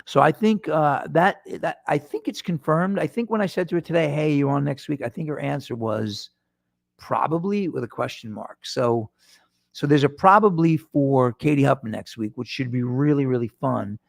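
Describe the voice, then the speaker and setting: Middle-aged man, podcast host, rambling casual monologue, gravelly voice, dry close mic. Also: on the high side, normal speed, no echo. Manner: rambling, self-deprecating, frequent restarts. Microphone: microphone in front of him.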